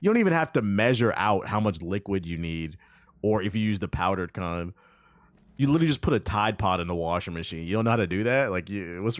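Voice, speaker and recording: A man's voice: on the low side, animated, a little fast, no room sound, studio quality. A man in his thirties, a streamer, telling loose, profane stories in casual chat while he plays. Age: 30s. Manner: loose, profane storytelling with laughs and asides.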